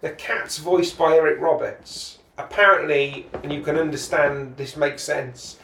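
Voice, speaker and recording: A man's voice: on the high side, unhurried, gravelly, a bit bright, roomy sound, far from the mic, slight background noise. A man co-hosting a casual film review podcast who rambles amusedly through his points. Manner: rambling, amused, with many restarts. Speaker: podcast co-host.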